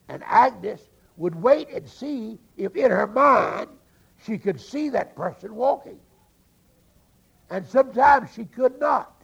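A man preaching, telling a story slowly with drawn-out, emphatic phrasing and a gravelly voice. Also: sits high, muffled recording. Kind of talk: storytelling sermon.

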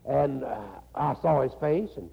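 An older man with a North Carolina accent, preaching a folksy sermon as a pastor, with a gravelly, husky voice that keeps slipping into "you know" and laughter. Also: mid-range voice, a little slow. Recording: dull lo-fi recording in a reverberant hall.

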